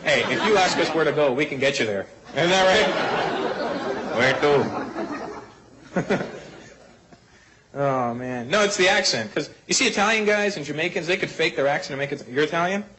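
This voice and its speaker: A man's voice: fairly high pitch, lively intonation, normal speed, pauses often. Man doing stand-up over a roaring crowd. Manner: playful, teasing the crowd. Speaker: stand-up comedian. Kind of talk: stand-up routine on stage. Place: comedy club stage. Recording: loud club crowd and noise.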